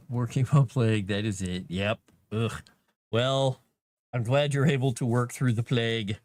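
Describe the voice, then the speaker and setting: A man's voice: mid-range voice, measured pace, no echo. A man, an author, chatting casually with his viewers on a live stream and cooing at his cat between thoughts.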